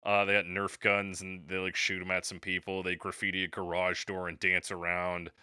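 Man, podcast co-host, casual chat, hesitant fillers, slightly low voice, dry close sound. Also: completely flat delivery, normal speed, bright, forceful tone, clean tone, dry recording. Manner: laid-back, hesitant, with fillers. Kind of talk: casual chat about music.

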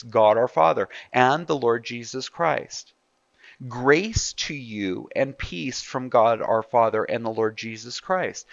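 A man's voice: medium pitch, creaky, no room sound, muffled recording. A man preaching a sermon in a conversational way, asking his listeners rhetorical questions. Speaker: pastor.

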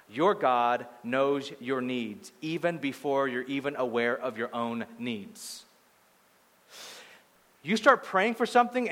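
High-voiced pastor preaching in a hall. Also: male voice. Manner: animated storytelling, swinging from loud to hushed. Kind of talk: sermon. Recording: long hall reverb.

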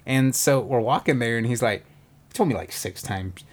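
A man's voice: mid-range voice, normal speed. A man co-hosting a podcast, telling trip stories casually with lots of swearing, and acting out what other people said. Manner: profane, animated, acts out quotes. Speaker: podcast co-host. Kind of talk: casual storytelling chat.

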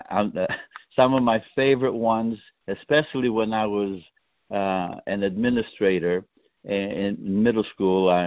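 A man's voice: lowish voice, dry recording, dull audio. A man from Greece, a guest on a radio talk show, chatting at length and laughing often. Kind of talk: casual radio chat.

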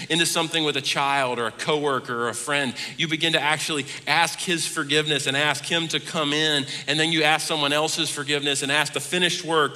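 A man preaching a sermon as pastor, swinging between hushed asides and loud emphatic runs. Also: fairly high pitch. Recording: long reverb of a large hall.

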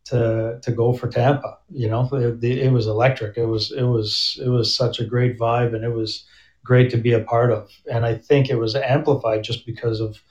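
A man's voice: medium pitch, little pitch movement, normal speed, a little mellow. Man talking hockey in a roomy, muffled recording. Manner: conversational, frequent restarts and fillers. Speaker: hockey coach as guest. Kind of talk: casual sports interview. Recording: roomy, dull remote audio.

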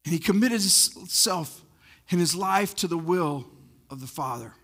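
High, bright-voiced preaching man. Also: lively intonation, measured pace, big-room sound. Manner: impassioned preaching, building to near-shouts. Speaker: pastor. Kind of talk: sermon.

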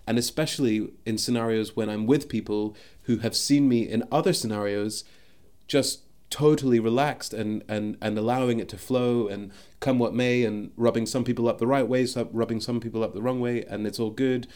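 A man's voice: medium pitch, steady tone, moderate pace, a little mellow. A man hosting a solo podcast, talking thoughtfully into a microphone and often restarting his sentences as he searches for words. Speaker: podcast host. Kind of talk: reflective solo podcast monologue.

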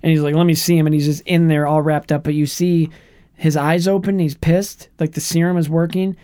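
Playful mid-pitched podcast co-host. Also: little pitch movement, fairly quick, warm tone, clear, resonant tone, no room sound, clean studio sound. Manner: playful, breaks into silly put-on voices. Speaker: movie review podcast co-host. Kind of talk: casual chat.

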